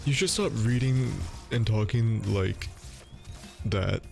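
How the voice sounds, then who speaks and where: A man's voice: lowish voice, takes it slowly, vocal fry, a little mellow, soft background music. A young male streamer chatting casually and teasing his co-op partner dryly during a game. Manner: teasing, dry.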